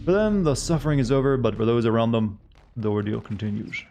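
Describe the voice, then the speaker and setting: A man's voice: mid-range voice, animated, fast, vocal fry, darkish tone, a little hiss or hum. A man streaming a game live, who reads on-screen text aloud and makes casual joking asides to his viewers. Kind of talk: live-streamed gameplay commentary.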